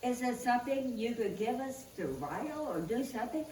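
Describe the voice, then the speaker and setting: A woman's voice: on the high side, expressive, moderate pace, dark tone, reverberant, recorded from a distance, slight background noise, close to an everyday voice, rough recording. A woman voicing small mice in heaven in a joke, speaking in a pleading way.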